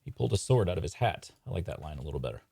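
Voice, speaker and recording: A man's voice: deep voice, sing-song, rapid-fire, creaky, warm tone, husky, no room sound. A man writing comedy live on stream, talking casually and hesitantly with many fillers. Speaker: sketch writer and streamer. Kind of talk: live sketch-writing chat.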